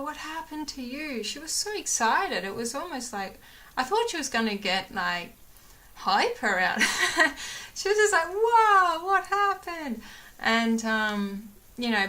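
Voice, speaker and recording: Chatty young woman with a bright voice. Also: mid-range voice. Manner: chatty, rambling, many fillers, acts out quotes. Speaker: vlogger. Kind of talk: casual chat to camera.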